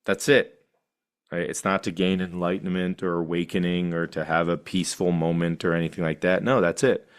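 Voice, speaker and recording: A middle-aged man teaching a meditation class, animated and laughing often, with playful asides. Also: deep voice, brisk, clear, resonant tone.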